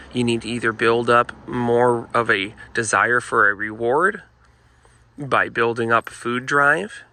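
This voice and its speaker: A man's gravelly voice with a pressing, forceful edge carries a down-to-earth dog training talk. He speaks earnestly and keeps coming back to "folks" and "you know" as he explains. He sounds like a trainer talking straight to the camera. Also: mid-range voice. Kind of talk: casual instructional talk to camera. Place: indoors with dogs nearby.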